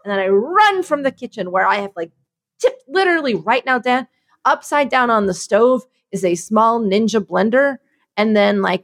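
A woman co-hosting a podcast in casual chat, rambling and self-mocking as she acts out her own inner voice. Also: on the high side. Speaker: podcast co-host.

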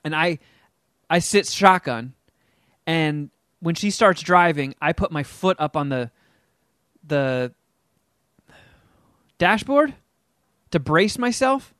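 A middle-aged man tells a story in a casual podcast chat, his voice a little high for a man. He is animated and acts out the people he quotes, with big jumps in pitch. The sound is dry and close, with no room around it. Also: takes it slowly, pauses often, clean tone, no echo. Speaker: guest telling a story.

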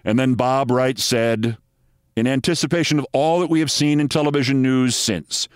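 A man's voice: medium pitch, normal speed, clear, resonant tone, no room sound, clean studio sound. A middle-aged man hosting a news commentary show, delivering a scripted monologue in an emphatic, sardonic way. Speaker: host.

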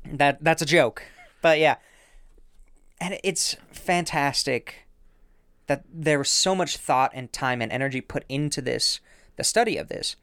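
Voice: medium pitch, unhurried, pauses often, fairly bright tone, clear, resonant tone, no echo. A podcast co-host explaining research in a casual, playful chat, laughing often and making joking asides.

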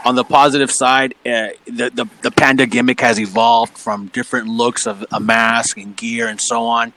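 A man's voice: mid-range voice, moderate pace. A man, a wrestling promoter, telling stories casually on a podcast, swearing and acting out what people said. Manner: animated storyteller, swears, acts out quotes.

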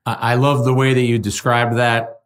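A middle-aged man from New Jersey, a sports journalist guest in a casual podcast conversation, speaking in a measured, earnest way. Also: medium pitch, flat delivery. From Jersey City, New Jersey.

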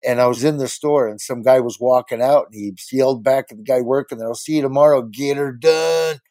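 A man's voice: medium pitch, fast talker, no echo. A man, a comedian, telling a casual anecdote and acting out the other people in it. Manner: animated storyteller who acts out voices. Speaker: comedian guest. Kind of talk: casual storytelling.

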